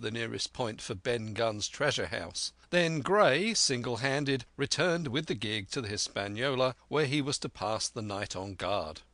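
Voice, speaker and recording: A man narrating a classic adventure novel in a steady, clear reading voice. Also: medium pitch, dry recording. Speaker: audiobook narrator. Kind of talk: scripted narration.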